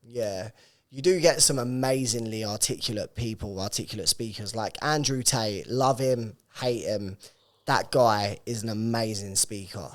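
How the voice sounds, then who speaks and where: A young man co-hosting a podcast, chatting casually and telling stories in quick, animated bursts. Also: fairly low pitch. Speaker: podcast co-host.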